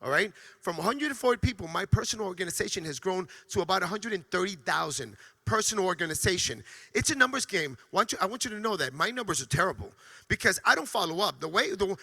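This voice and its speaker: A man giving an energetic motivational training talk to a sales team, emphatic and often stammering on restarts. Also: high voice, quick pace, vocal fry.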